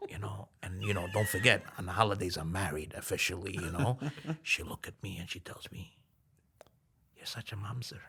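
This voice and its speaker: Laughing as he goes, a man appearing as a podcast guest animatedly recounts a story, whispering softly whenever he quotes someone. His voice is low and husky, at a moderate pace.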